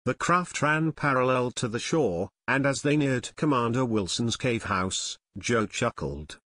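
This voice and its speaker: A man narrating an adventure audiobook in a steady, measured reading, recorded close to the mic. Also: mid-range voice, dry recording. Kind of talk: scripted narration.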